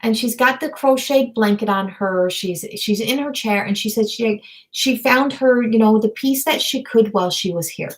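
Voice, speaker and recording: Woman medium, soft searching voice, halting with fillers, near whispers at times. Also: a little high, rough recording. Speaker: intuitive medium. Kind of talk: live-streamed psychic reading.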